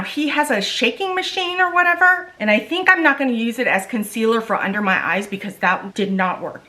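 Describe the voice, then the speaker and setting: A woman's voice: medium pitch, pushed and bright. A woman beauty vlogger in a casual makeup try-on vlog, chatty and exasperated, talking straight to her viewers.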